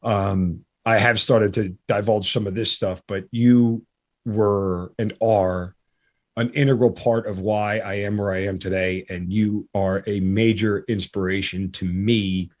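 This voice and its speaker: A man hosting a podcast in a halting, earnest way, full of restarts, and audibly emotional. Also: lowish voice, little pitch movement. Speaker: podcast host. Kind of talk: casual interview chat.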